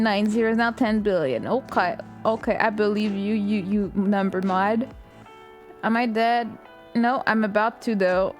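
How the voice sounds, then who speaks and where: A young woman live streaming, chatting casually with viewers while playing a game, excitable and laughing often. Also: a little high.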